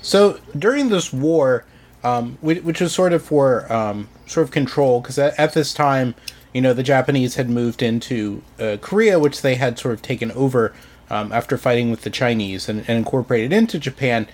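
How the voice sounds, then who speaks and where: A man's voice: medium pitch, normal speed, darkish tone. A man co-hosting a podcast, explaining history in a casual, hesitant way, full of ums and "sort of". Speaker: podcast co-host presenting history.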